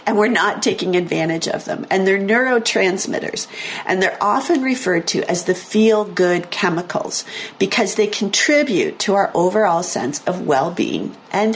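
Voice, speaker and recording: A woman hosting a radio talk show, explaining brain science in a chatty, self-correcting way, her voice a little hoarse. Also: medium pitch, lively intonation, normal speed, a little hiss or hum. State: slightly hoarse, losing her voice. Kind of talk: casual talk radio chat. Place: radio studio.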